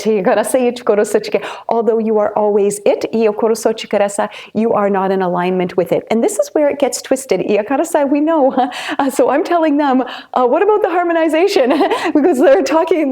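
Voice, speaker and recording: A woman gives a channeled spiritual message in a fairly high but mellow voice. She hesitates often and fills gaps with fillers. She weaves chanted syllables between her phrases. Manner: halting, searching for words with many fillers.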